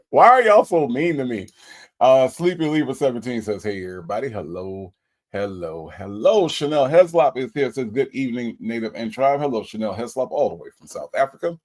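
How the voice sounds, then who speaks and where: A man's voice: mid-range voice, expressive, fairly quick, dark tone. A man hosting a casual livestream, reading viewer comments aloud and answering them with playful mock offense. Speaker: livestream host.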